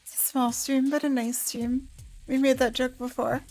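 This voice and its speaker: High-voiced woman chatting on a stream. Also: level tone, a little mellow, poor audio. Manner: chatty, quick to laugh, reflective. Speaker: co-host playing a visual novel. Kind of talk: casual chat on a game stream.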